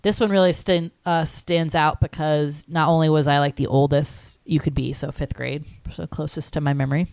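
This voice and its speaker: A woman's voice: low voice, fairly even intonation, moderate pace, gravelly, hardly any pauses, a little mellow, smooth, dry recording. A woman in her thirties co-hosting a podcast, telling childhood stories in a rambling way, full of fillers and casual swearing. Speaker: podcast co-host. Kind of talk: casual chat, storytelling.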